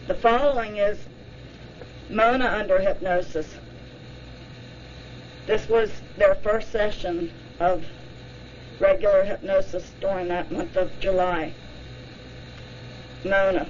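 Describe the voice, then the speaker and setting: A woman narrator reading a documentary account in an even, plain style. She speaks slowly at a middle pitch. The recording is dull and lo-fi, with faint noise underneath.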